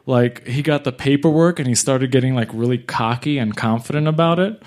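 Animated slangy stand-up comedian man. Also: mid-range voice, fairly quick. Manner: animated, slangy, jumps into voices. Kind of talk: stand-up storytelling.

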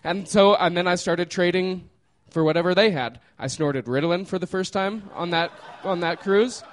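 A man's voice: sits high, moderate pace. A man casually telling a personal story, laughing often and trailing off with fillers.

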